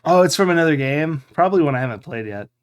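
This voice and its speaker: A man's voice: a little high, expressive, quick pace, smooth. Man rambling over a game playthrough. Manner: thinking aloud, rambling with fillers. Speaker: streamer. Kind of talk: live game playthrough commentary.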